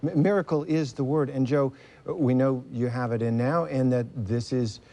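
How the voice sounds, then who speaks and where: A man's voice: medium pitch, normal speed, dark tone. A man presenting the news and interviewing guests, with a scripted delivery. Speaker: news anchor.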